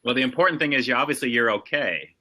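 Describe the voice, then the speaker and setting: A man's voice: mid-range voice, lively intonation, quick pace, pushed and bright. A man on a video call chatting casually and adding brief supportive remarks. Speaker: guest on video chat. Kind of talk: casual chat.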